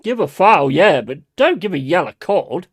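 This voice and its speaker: A man's voice: high voice, very animated, normal speed, slightly rough. A man streaming a football watch-along, swearing and ranting at the players and the referee. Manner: shouting in bursts of outrage. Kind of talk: live match watch-along commentary.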